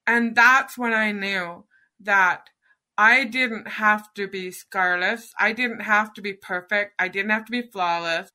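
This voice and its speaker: A woman's voice: medium pitch, bright, forceful tone. A middle-aged woman, a podcast guest, telling a personal story in an earnest, emotional way.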